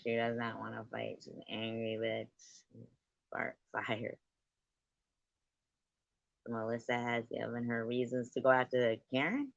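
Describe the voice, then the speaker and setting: A woman hosting a live stream, taunting and swearing at a guest, her voice swinging between loud jabs and low mutters. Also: level tone, a little slow, vocal fry, long pauses, no room sound. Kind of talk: heated live stream argument. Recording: dull lo-fi stream audio.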